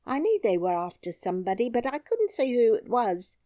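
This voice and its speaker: A woman reads a brave twelve-year-old miner boy in a storybook, frank and cheerful. The voice is raised above her own and swings widely in pitch, delivered slowly and dry close to the mic. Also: very animated, dark tone, no echo. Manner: bold, singing taunts, plain-spoken.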